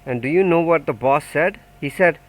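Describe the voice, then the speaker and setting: Swinton is a menacing gangland enforcer, voiced by a male audiobook reader, who makes his threats sound friendly and taunting. The voice sits in a middling pitch, and the lines are pitched a little higher and pushed harder than the narration. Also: moderate pace, natural voice, poor audio. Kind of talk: audiobook character voice.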